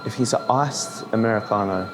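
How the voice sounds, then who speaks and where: A man's voice: lowish voice, normal speed, music in the background. A young British man vlogging casually, blunt and swearing freely, in some stomach pain. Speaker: bodybuilder vlogger. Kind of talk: casual vlog chat.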